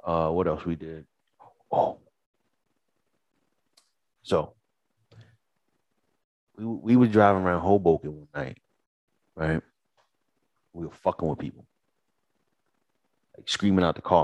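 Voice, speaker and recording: A man's voice: low voice, measured pace, pauses often, dry recording. A man in his forties co-hosting a podcast, telling profane stories in a casual chat and acting out the voices of the people in them. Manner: animated, profane, acts out voices in anecdotes. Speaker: podcast co-host.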